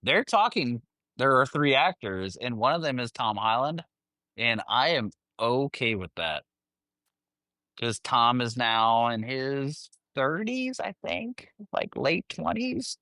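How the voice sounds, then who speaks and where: Bright-voiced excitable podcast co-host, a man. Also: medium pitch, slow, dry recording, clean studio sound. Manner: enthusiastic, gushing. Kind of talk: casual chat.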